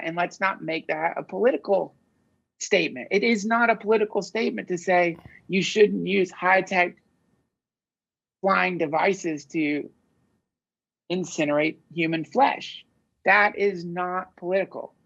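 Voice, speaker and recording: A man talks in loose, searching sentences, swearing freely as he thinks aloud. His voice is gravelly with a husky edge. The audio is dull and lo-fi, like a podcast recording. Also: sits high, a bit bright. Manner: rambling, profane, searching. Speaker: podcast guest. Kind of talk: casual conversation.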